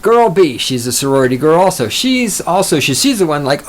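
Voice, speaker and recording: A man's voice: on the high side, very animated, normal speed, a little hiss or hum. A man hosting a solo podcast, rambling and profane, mocking himself as he goes off topic. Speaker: podcast host.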